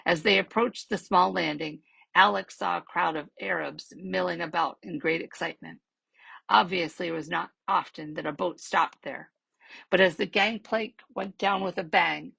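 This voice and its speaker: A woman reads a children's novel aloud at a steady, measured pace, letting line endings trail softly. Her voice is low and gravelly with a husky edge. The sound is dry and close. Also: no room sound, low-quality recording. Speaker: library storyteller.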